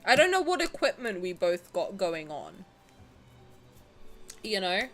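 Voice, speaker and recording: Bubbly, lively young woman streamer. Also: mid-range voice, a little slow, faint music behind. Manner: animated and cheeky, swears and laughs often. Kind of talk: casual live-stream chat. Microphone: headset with headphones.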